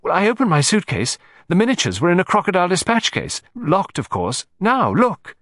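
A man's voice: high voice, wildly swooping pitch, fairly quick, fairly bright tone, dry recording, studio quality, pitched above the performer's own voice, full character voice. A man reading an audiobook and voicing a naive young woman in a raised, pleading voice. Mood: distressed.

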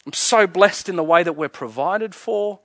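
A man preaching a sermon as pastor, earnest, often chuckling and sinking to a hushed, soft delivery. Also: high voice, moderate pace, dry recording.

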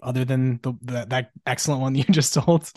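A man hosting a casual interview podcast, enthusiastic and quick to laugh. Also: medium pitch, steady tone, warm tone, no echo, clean studio sound. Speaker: podcast host.

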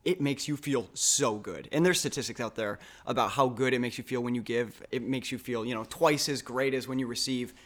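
A man hosting a health podcast in a mid-pitched, conversational voice. He talks earnestly and with optimism, building to big hopeful statements. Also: brisk, few pauses, fairly bright tone. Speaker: podcast host. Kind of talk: casual conversation.

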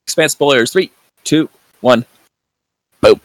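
Low gravelly man rambling casually. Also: a little fast, fairly bright tone, no room sound, low-quality recording. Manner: rambling, filler-heavy, swears freely. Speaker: podcast host. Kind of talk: casual review chat.

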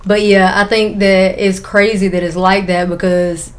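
A woman's voice: medium pitch, flat delivery, a little slow. Young woman cohosting a podcast, laid-back and frank, laughs a lot. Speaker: podcast co-host. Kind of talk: casual chat.

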